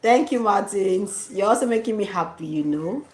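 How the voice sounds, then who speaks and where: A woman's voice: mid-range voice, animated, normal speed, roomy sound, rough recording. A Nigerian woman vlogger chatting casually, laughing often and dropping into Pidgin slang. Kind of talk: casual chat.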